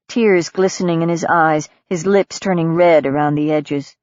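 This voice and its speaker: A woman reads from a novel as an audiobook narrator, her scripted delivery calm and measured. Her voice sits low, and the recording is dry, dull and lo-fi.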